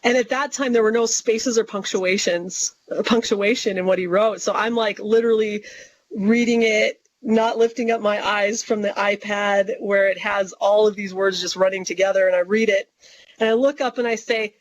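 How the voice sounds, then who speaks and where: A woman guest tells a story on an interview show, bringing it to life by acting out her own words and the words of others. Her pitch sits in a middle range. The recording sounds dull and lo-fi. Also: moderate pace, slight background noise. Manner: animated, quotes herself and others in lively voices. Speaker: guest author.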